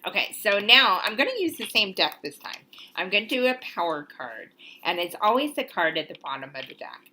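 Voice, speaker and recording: A woman's voice: mid-range voice, big pitch swings, fairly quick, pushed and bright, a little hiss or hum. A young woman hosting an oracle card reading, talking casually and encouragingly, rambling with ums and little laughs. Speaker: oracle card reader, channel host. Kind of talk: casual spiritual video talk.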